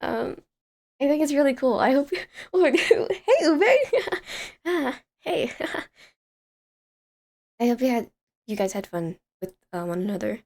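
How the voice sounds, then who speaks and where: A woman's voice: on the high side, unhurried, creaky, pauses often, mellow. Chatty young woman streamer, laughing often. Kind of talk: casual live-stream chat.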